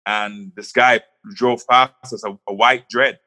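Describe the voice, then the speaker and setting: Man from Jamaica, very bright voice, animated, stumbles and restarts, podcast guest. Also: medium pitch, measured pace. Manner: animated, restarts words often. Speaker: guest, music manager. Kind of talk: casual storytelling on a podcast.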